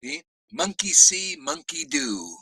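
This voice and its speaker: Outdoors in a desert, a man teaches a spiritual class through a fiery, profane sermon, scolding his listeners and often laughing and shouting. His voice sits on the high side with big pitch swings, and he takes it slowly with a slightly rough quality. There's no room sound, though the recording itself is rough.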